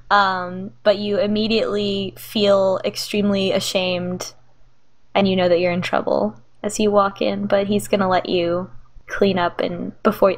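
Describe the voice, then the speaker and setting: Rambling woman game master. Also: medium pitch. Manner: rambling, many fillers and restarts. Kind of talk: narrating a tabletop game.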